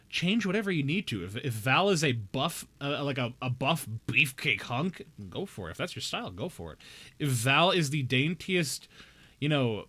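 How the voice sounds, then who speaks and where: During a casual gaming live stream, a young man with a fairly high, fairly bright voice talks straight to his chat. His manner is playful and jokey, with bouts of mock outrage.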